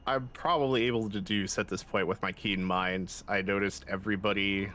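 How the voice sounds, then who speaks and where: A man casually describing his character's actions in a tabletop game, relaxed and chuckling. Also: fairly low pitch, fairly quick, a little hiss or hum. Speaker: player.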